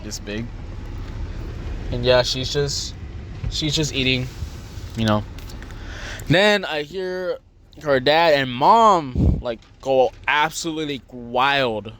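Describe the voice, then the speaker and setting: A man's voice: medium pitch, lively intonation, slow pace, pauses often, fairly bright tone, a little hiss or hum. A young man hosting a podcast, telling a long story in a rambling way and swearing often. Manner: rambling, swearing, acts out voices. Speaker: podcast host. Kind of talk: casual storytelling.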